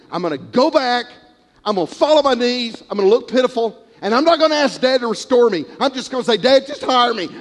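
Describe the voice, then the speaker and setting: A man's voice: extremely high pitch, voice pushed up. A man voicing a desperate, starving young man who rehearses begging his father to take him back as a servant. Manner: pleading, breathless, rehearsing a plan aloud. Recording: long hall reverb.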